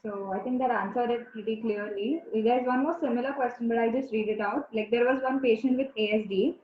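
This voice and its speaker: A woman's voice: on the high side, brisk, slight background noise. A woman interviewer reading out clinical questions and asking follow-ups over a video call. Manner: reads questions aloud, asks follow-ups. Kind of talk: conversational clinical Q&A. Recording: echoey tinny call audio.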